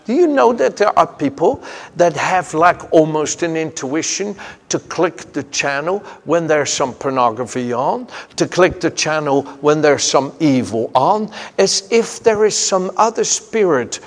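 A man delivers an emphatic sermon and tells personal stories along the way. His voice sits a little high with a gravelly rasp. It rings out through the long reverb of a large hall. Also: lively intonation, measured pace. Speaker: preacher.

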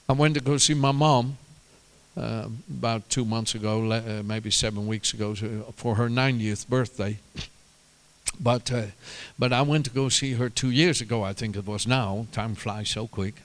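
A man preaches a sermon at a middle pitch. He tells his stories with animation, climbing into loud, high bursts of emphasis and then dropping back to quieter asides. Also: moderate pace. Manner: animated storytelling, rises to shouts and drops to quiet asides.

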